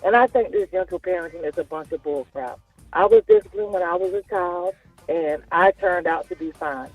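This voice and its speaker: Florida lady calling in, dark gravelly voice, swings up high when she gets worked up, indignant. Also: wildly swooping pitch, a little fast, no room sound, faint music behind, low-quality recording. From Duval County, Florida. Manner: emphatic, indignant. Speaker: caller. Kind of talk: radio call-in.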